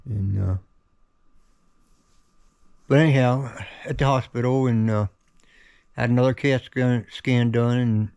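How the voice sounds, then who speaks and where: A very tired middle-aged man giving a halting, slow home video update, stumbling over words and yawning. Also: medium pitch, fairly even intonation, gravelly, darkish tone, smooth. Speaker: vlogger sharing his cancer journey. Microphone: camera held in his own hand.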